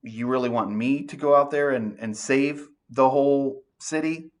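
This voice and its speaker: A man's voice: mid-range voice, a little slow, pitched above the performer's own voice, lightly acted. A man voicing a timid, doubting young farmer who stammers through incredulous questions.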